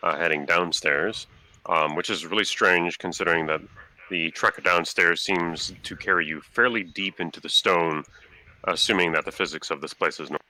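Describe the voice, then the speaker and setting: A man narrates a fantasy tabletop session as game master, casual and full of fillers. His voice is very low and carries a bright, cutting tone. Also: fairly even intonation, normal speed. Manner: loose, many fillers.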